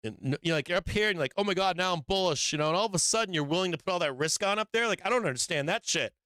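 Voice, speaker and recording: A man's voice: high voice, animated, very fast, pushed and bright, no room sound. A man hosting a live stock market show, giving blunt and profane trading commentary with frequent emphatic swearing and laughs between points.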